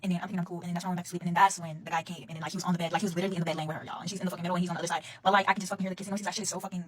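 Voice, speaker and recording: A young woman telling a heated, profane storytime straight to her phone camera, talking casually and fast. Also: fairly low pitch, little pitch movement, slight background noise, low-quality recording.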